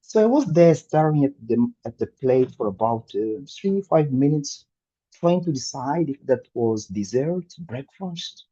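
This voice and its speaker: A man in his thirties from Angola, giving a prepared humorous speech as an animated storyteller with dramatic pauses. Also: mid-range voice, breathy edge, lo-fi sound. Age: 30s. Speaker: club speaker.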